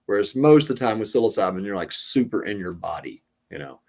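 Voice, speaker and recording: A man hosting a podcast, telling a casual story in a rambling way with many pauses and restarts. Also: lowish voice, sing-song, darkish tone. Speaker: podcast host.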